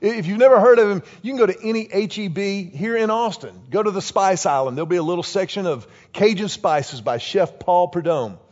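Fifties guy preaching, high voice, storytelling and animated, kinda dull lo-fi sound. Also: brisk, hardly any pauses, long reverb tail. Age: 50s. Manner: storytelling, animated, tells the congregation to repeat lines. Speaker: pastor. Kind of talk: sermon.

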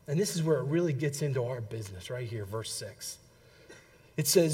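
A man's voice: mid-range voice, normal speed. A middle-aged man preaching a sermon, telling a family story and checking in with the congregation. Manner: storytelling, lively, addresses the congregation with "okay?". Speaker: pastor.

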